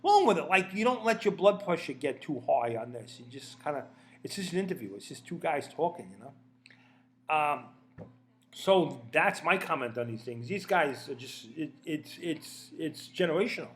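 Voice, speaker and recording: A man's voice: fairly high pitch, animated, normal speed, a bit bright, slight background noise. A man giving a casual opinion rant, rambling and profane, often stammering and repeating words. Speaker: commentator.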